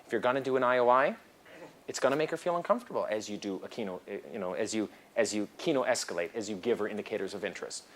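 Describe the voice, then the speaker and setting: Male seminar instructor, animated lecturer, acts out scenes mid-talk. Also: on the low side, rapid-fire. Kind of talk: lecture to a class.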